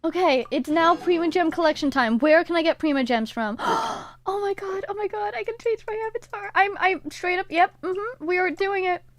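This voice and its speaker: A woman streaming a game, commenting in an excitable, gushing way with frequent laughter and squeals. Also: extremely high pitch, normal speed, few pauses. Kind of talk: gameplay livestream commentary.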